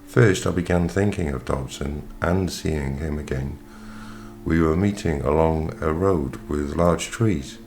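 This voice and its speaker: A man narrating an audiobook in the first person, with a steady, measured reading. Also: rumbling low, creaky, a little hiss or hum. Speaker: audiobook reader. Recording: reading over faint background music.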